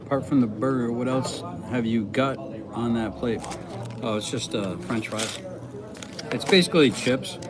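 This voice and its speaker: A man's voice: medium pitch, measured pace, a crowd in the background. A man on a live stream, chatting casually with viewers while he eats. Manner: relaxed, talking while eating. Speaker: streamer eating on camera.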